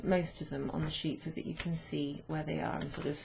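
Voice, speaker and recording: A woman language teacher explaining grammar to her students in an unhurried way, thinking aloud with many fillers. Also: sits low, fairly even intonation, creaky, noisy background.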